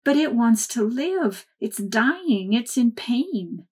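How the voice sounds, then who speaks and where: Woman reader doing a crying little girl, high tearful pleading. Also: very animated, takes it slowly, a little mellow, husky, heavily acted. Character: young girl sobbing, pleading for a fish.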